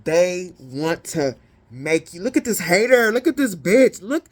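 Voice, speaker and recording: A woman giving a casual tarot reading, blunt, profane and sassy, with animated indignant peaks. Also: lowish voice, measured pace. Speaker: tarot reader.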